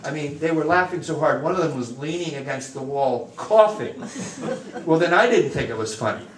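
A man, a priest, telling a self-deprecating funny story to a parish group in a lively, anecdotal way. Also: a little high, normal speed. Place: church or parish hall. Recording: echoey, distant mic, faint room noise.

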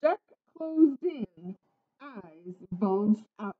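A woman reading a children's picture book aloud in an expressive, singsong storytelling manner. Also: mid-range voice, very slow. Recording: slightly muffled lo-fi recording.

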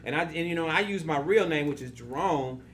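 A man's voice: fairly high pitch, fairly quick, a little hiss or hum. A man in his forties, a radio personality, telling casual stories as a podcast guest and acting out the people he quotes. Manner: animated, acts out quoted people. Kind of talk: casual storytelling.

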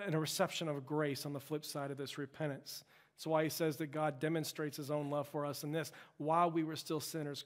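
A male pastor preaching a sermon with impassioned, emphatic delivery, building to loud peaks. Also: a little high. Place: church sanctuary. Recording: long church-hall reverb.

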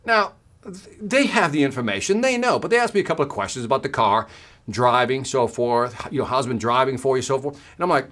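A man's voice: on the high side, sing-song, normal speed, fairly bright tone. A man giving a workshop talk as a sales trainer, telling a story and acting out both sides of the conversation, checking in often with "right?".

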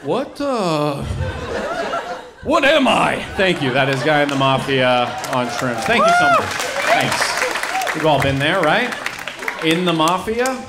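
A young male comedian with a lively, swooping delivery. He is recorded live at a comedy venue, over a roaring crowd and steady noise. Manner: animated, jumps into high excited character voices. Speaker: stand-up comedian. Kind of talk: stand-up set. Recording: loud laughing crowd.

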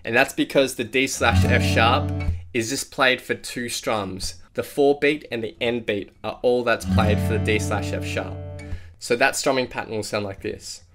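A man's voice: medium pitch, fairly even intonation, moderate pace. A man giving a step-by-step guitar lesson, explaining chord shapes and counting out strumming patterns beat by beat. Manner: clear step-by-step instruction, counting beats aloud. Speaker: guitar teacher. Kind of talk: guitar tutorial. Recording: loud acoustic guitar under the voice. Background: acoustic guitar playing.

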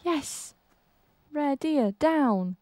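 A young woman giving casual gameplay commentary, excitable and jumpy, with frequent exclamations and gasps. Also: high-pitched, extremely slow, no room sound. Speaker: gaming channel host.

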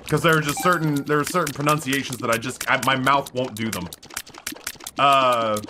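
An American man streaming, chatting casually with his viewers in a rambling way, often stopping and restarting his sentences. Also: fairly high pitch. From United States. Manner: rambling, self-interrupting with many restarts.

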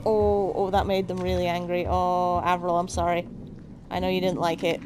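A woman's voice: on the low side, flat delivery, normal speed, background noise. A woman commenting on a horror video game as she plays, muttering plans to herself and swearing in panic. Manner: jittery, swearing, panicky under pressure. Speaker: let's play gamer. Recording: game music behind voice.

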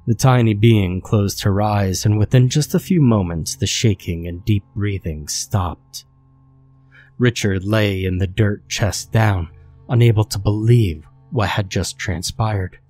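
A male narrator reads a scary story aloud at a steady, measured pace. His voice sits low, and his delivery stays calm and even from line to line.

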